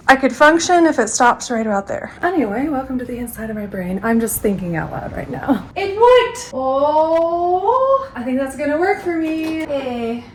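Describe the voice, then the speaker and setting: High-voiced chatty young woman vlogger. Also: a little hiss or hum. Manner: chatty, upbeat, talks to herself while tidying. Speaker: lifestyle vlogger. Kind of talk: casual thinking-out-loud vlog. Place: apartment room with a loud air conditioner.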